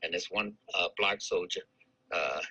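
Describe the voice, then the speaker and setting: A man's voice: deep voice, measured pace, creaky, pushed and bright, slightly rough, rough recording. A man in his eighties from St. Louis, recalling his army days in a life-story interview, rambling with many restarts and chuckles. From St. Louis, United States. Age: 80s.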